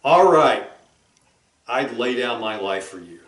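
A man's voice: medium pitch, animated, slow pace, a bit bright, pitched below the performer's own voice. A man voicing a lazy young sitcom husband who dodges questions with offhand jokes. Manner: offhand, joking, dodging. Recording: roomy echo.

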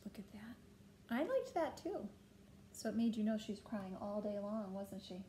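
A woman reading a children's picture book aloud to a child, gently stopping to point at pictures and ask questions. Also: medium pitch, animated, a little slow, slight background noise.

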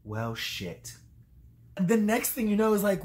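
Tipsy woman rambling with a lively voice. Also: mid-range voice, moderate pace. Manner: rambling, swears freely, acts out quotes. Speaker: vlogger. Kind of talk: rambling comic review.

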